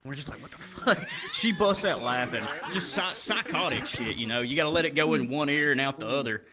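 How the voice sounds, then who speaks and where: A young man doing crude, animated stand-up storytelling that jumps up into loud shouts. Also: a little high, fairly quick, crowd noise. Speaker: stand-up comedian.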